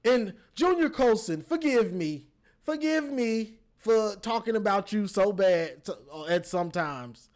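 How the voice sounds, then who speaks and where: A man giving a casual football game recap, animated, talking straight to the players and repeating his words. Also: high-pitched, measured pace. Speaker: football fan reviewing a game.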